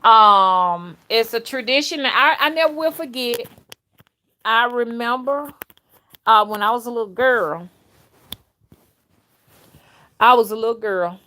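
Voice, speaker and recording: A middle-aged woman, chatting and telling childhood stories to a live chat on her phone, outspoken and animated. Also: on the high side, moderate pace. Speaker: livestream host and rootworker. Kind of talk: casual storytelling to a live chat.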